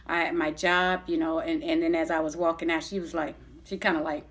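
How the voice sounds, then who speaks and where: A woman's voice: sits low, steady tone, fairly quick, a bit bright. A middle-aged woman telling a long personal story to her viewers in a blunt, chatty way, swearing freely and often restarting her sentences. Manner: blunt, profane, chatty retelling with many restarts. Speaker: vlogger. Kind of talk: casual storytelling to camera.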